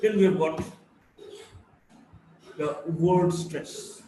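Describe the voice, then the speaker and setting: A man from India with a Bengali English accent, giving a slow phonetics lecture and reading word lists aloud, repeating words for drill. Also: fairly high pitch, steady tone, dark tone, distant mic. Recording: very echoey room, faint background hum.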